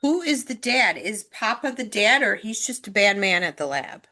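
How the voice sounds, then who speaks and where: A woman's voice: medium pitch, very animated, moderate pace, pushed and bright. A middle-aged woman co-hosting a casual podcast chat, retelling TV scenes in long run-on chains of "and". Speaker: podcast co-host, mother. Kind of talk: casual chat recapping a TV show.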